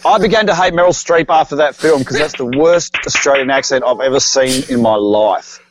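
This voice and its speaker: A man's voice: mid-range voice, brisk, a little hiss or hum. A man chatting as a podcast guest, blunt and talkative with frequent restarts. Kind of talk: casual podcast chat. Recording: dull lo-fi sound.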